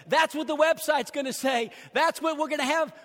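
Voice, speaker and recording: A pastor preaching with a notably high, ringing voice. He hammers home his points through repetition. The sound carries a long reverb from a large church hall. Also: fairly quick, fairly bright tone. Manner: emphatic, repeating key phrases. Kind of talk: sermon. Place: church sanctuary.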